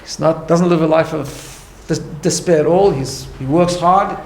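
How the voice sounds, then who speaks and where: A man's voice: on the high side, normal speed. Emphatic man teaching, echoey hall. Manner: conversational, emphatic, many restarts and "right?". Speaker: rabbi teaching a class. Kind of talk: informal Torah class. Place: study hall. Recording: echoey room, faint background hum.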